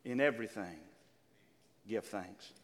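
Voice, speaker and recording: An older man preaching a sermon as pastor, calling out to his congregation and drawing out key words slowly. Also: on the low side, in a large hall. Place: church sanctuary.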